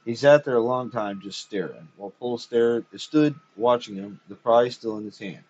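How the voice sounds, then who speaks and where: A man giving a dramatic story reading in a steady, measured way with a husky voice. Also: medium pitch. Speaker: reader. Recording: dull lo-fi recording.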